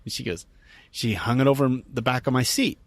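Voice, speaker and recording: A man hosting a podcast, telling a story in a casual, animated way and laughing as he quotes people. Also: mid-range voice, a little fast, dry recording. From United States. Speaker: podcast host.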